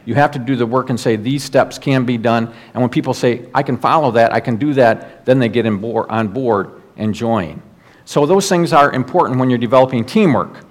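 A middle-aged male pastor preaching a sermon in an earnest, exhorting way, slowing down and dropping his voice when quoting prayers and scripture. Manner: earnest preaching, drops low and slow for quoted prayers and scripture.

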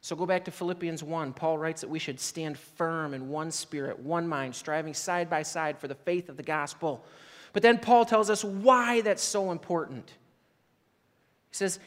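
A pastor with a fairly high voice preaches a sermon at normal speed in a large hall. He tells stories casually and conversationally, leaning on "like" and often checking in with "right?".

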